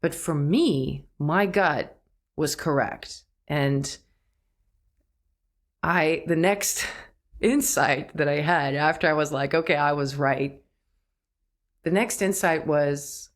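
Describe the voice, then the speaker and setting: A woman's voice: sits low, slow pace, pauses often. A woman hosting a solo podcast, talking reflectively, laughing at herself and acting out quoted thoughts. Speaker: podcast host.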